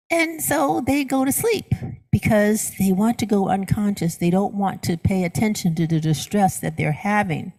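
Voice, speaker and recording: A woman's voice: medium pitch, normal speed, a little mellow. A middle-aged woman minister giving a sermon. She asks the congregation questions and answers them herself, and she repeats words for emphasis.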